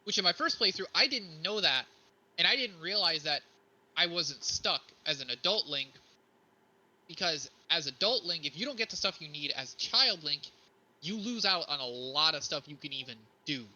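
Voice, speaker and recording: A man co-hosting a podcast, chatting casually about video games, excitable and swearing freely. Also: on the high side, normal speed, low-quality recording. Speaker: podcast co-host. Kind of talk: casual gaming chat.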